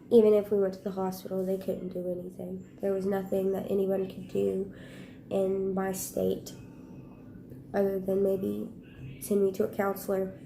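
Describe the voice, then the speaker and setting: Slow, gravelly, hushed woman vlogger. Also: medium pitch, slight background noise. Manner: halting, hushed retelling with pauses and restarts. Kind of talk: personal storytelling vlog.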